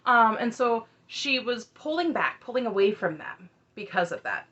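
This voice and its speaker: A woman's voice: fairly high pitch, lively intonation, moderate pace, fairly bright tone, dull audio. A woman giving casual, sarcastic recap commentary on reality TV, with chatty asides, recorded at home under a ring light.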